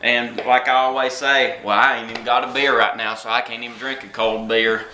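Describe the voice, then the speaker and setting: A man doing a comedic vlog monologue to camera, boastful and brash, with drawn-out pauses. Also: mid-range voice, little pitch movement, bright, forceful tone, reverberant, a little hiss or hum. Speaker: comedic vlogger.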